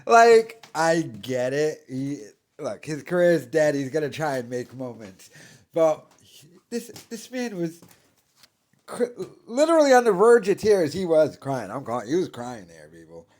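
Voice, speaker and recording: A man's voice: medium pitch, very animated, unhurried, darkish tone. A man doing mocking reaction commentary, laughing and talking sarcastically to his viewers.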